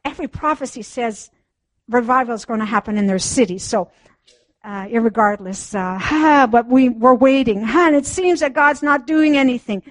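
A woman's voice: a little high, moderate pace, no echo. An older woman giving an emotional church testimony, laughing often, sighing and exclaiming, sometimes near tears. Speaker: church member sharing testimony.

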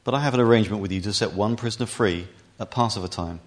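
A man's voice: lowish voice, fast, lightly acted. A man reading as Pilate, a stern Roman governor. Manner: questioning, pressing.

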